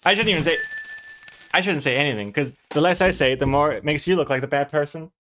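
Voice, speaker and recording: A man's voice: fairly high pitch, fast talker, over music. A man streaming as a comic artist, joking around in a mock self-pitying way with his partner. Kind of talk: casual stream banter.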